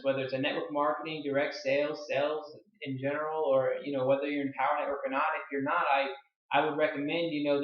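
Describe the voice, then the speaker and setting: A man in his early twenties telling a story to camera in a casual, excitable way, full of "like" fillers. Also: on the high side. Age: 20s. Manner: excitable, filler-heavy, lots of "like". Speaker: online marketing vlogger. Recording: roomy, dull lo-fi sound.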